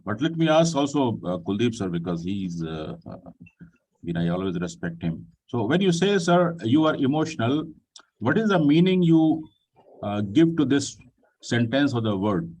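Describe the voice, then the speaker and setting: A man leads an online group session. He speaks at a middle pitch, courteous and unhurried, with plenty of filler sounds. His voice comes from a bit back from the mic. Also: sing-song, darkish tone, slightly rough, distant mic, rough recording. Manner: polite, addresses people with "ji" and "sir"; pauses with frequent fillers. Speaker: session host.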